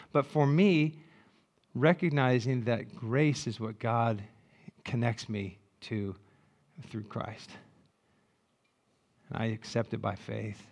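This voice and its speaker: This sermon comes from a man in his sixties, a pastor whose medium-pitched voice has a creaky texture. His storytelling is animated and full of jokes, moving from booming asides to hushed reflection.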